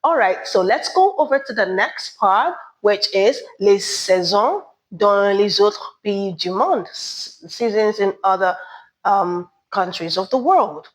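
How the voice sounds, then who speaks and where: A woman teaches beginners at an unhurried pace. Her pitch rises and falls a lot as she stresses each new word. She often checks in with "okay?" and asks for repetition. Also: animated, poor audio. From Nigeria. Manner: drills words slowly, asks learners to repeat, checks with "okay?". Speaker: French teacher. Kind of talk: beginner language lesson.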